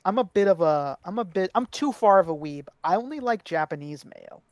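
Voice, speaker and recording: Animated woman podcast co-host. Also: on the low side, fairly quick, no echo, studio quality. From United States. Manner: animated, swears freely, laughs often. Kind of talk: casual chat.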